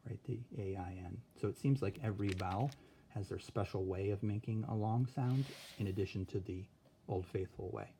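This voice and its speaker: A man with a fairly low voice teaches a spelling lesson to his class. He walks through each step plainly and keeps checking in with a quick "okay?". Faint noise sits behind him. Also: creaky, mellow.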